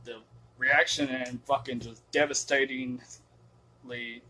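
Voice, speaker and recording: A man's voice: medium pitch, flat delivery, takes it slowly, pushed and bright, poor audio. A man giving a casual spoken film review, cursing often and rambling emphatically with many fillers. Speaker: movie reviewer.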